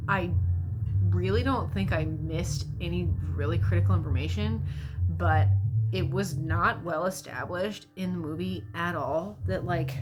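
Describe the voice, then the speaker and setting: A woman vlogger recapping a movie in a casual, rambling way, swearing freely and getting sarcastic. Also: on the low side.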